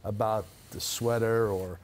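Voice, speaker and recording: A man conducting an interview, asking measured questions with pauses and fillers like "um". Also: fairly low pitch, steady tone, darkish tone, slight background noise.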